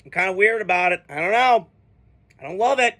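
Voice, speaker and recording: A man with a high, bright, cutting voice gives a fired-up football reaction. He talks bluntly and swears freely, venting about his team and the coaches like a frustrated fan. The delivery is loose and unscripted. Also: animated, fairly quick. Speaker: sports fan vlogger. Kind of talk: profane sports reaction rant.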